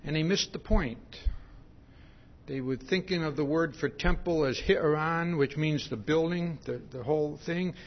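A man preaching a sermon, slow and emphatic, tagging his points with "see?". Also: a little high, highs cut off, a little hiss or hum.

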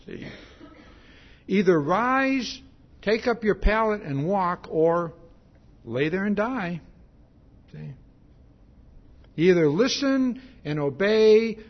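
A male pastor giving a conversational sermon, often repeating words and asking "See?" as he acts out the quotes. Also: on the high side. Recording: dull lo-fi sound.

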